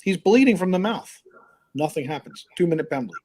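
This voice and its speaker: Brief: male sports-show host, animated, incredulous, conversational delivery. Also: high-pitched, fast talker. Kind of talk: casual sports chat.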